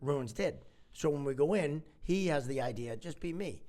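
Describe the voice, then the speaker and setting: A man's voice: on the high side, expressive, normal speed, dark tone. A man co-hosting a podcast, telling a story in casual chat and often breaking into laughter. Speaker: podcast co-host.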